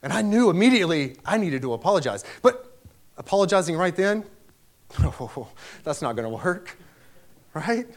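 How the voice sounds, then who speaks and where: A man's voice: sits high, sing-song, moderate pace, long pauses. A man preaching a sermon, telling a personal story with emphatic delivery that rises to raised exclamations.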